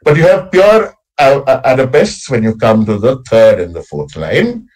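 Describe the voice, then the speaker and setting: A man with a husky, slightly rough voice gives an academic lecture on poetry, his pitch rising and falling a lot as he explains. He checks in with his listeners by tagging "right?" after each point and sounds out meter with heavy stress. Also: big pitch swings, normal speed, darkish tone, poor audio. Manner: explanatory, frequent tag "right?", recites lines with exaggerated stress. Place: college workshop session.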